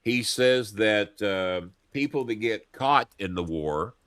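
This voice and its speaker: Animated profane talk-show host. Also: male voice, on the low side, slow pace, no room sound. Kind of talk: casual political chat. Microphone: earpiece headset.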